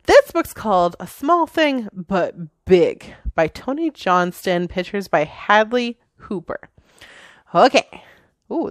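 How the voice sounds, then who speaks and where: A young woman reading a picture book aloud to a child, slow and chatty with playful asides. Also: lowish voice, no room sound, clean studio sound. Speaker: reader.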